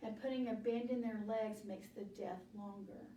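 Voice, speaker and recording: A woman teaching a children's Bible study, telling the story slowly and deliberately and asking the children questions. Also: medium pitch, fairly even intonation, mellow, a little hiss or hum. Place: church room. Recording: echoey room, mic at a distance.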